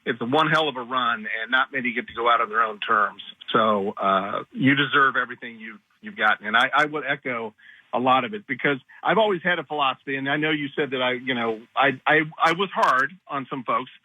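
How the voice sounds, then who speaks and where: A man's voice: mid-range voice, a little fast, dry recording, narrow, tinny audio. A man calling into a radio show as a former manager, blunt and coach-like in how he talks. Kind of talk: phone-in chat.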